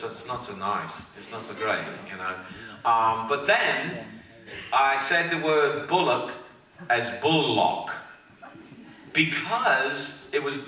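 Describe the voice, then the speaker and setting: A man's voice: medium pitch, bright, forceful tone. A man as a guest actor on a fan panel, answering questions in a rambling, self-deprecating way with many fillers. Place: large convention hall. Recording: echoey hall, far from mic, noisy.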